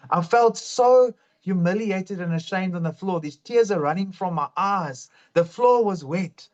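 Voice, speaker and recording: A man shares his testimony with fervent earnestness. His voice sits high for a man, and the recording sounds dull and lo-fi. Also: measured pace, few pauses. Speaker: guest sharing testimony. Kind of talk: emotional faith testimony.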